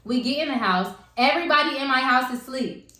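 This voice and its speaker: A woman's voice: high-pitched, fast talker. Profane young woman telling a story. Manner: animated, profane, acts out quotes. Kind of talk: casual storytime chat. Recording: echoey room.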